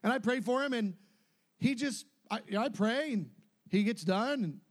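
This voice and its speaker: High-voiced, lively preaching man. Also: moderate pace. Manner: animated, laughing storyteller who acts out quoted voices. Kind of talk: sermon storytelling.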